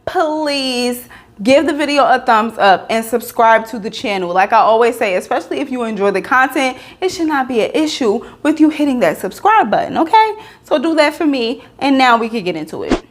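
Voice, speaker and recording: Woman, high voice, casual vlog commentary, animated, exasperated, chatty. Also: moderate pace. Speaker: reality TV reviewer.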